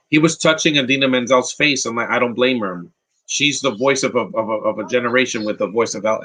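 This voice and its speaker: A man's voice: mid-range voice, bright, forceful tone, slightly rough, poor audio. A man from New York hosting a live movie commentary podcast, giving rambling, opinionated takes and answering chat questions. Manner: opinionated and rambling, with frequent restarts. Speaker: podcast host.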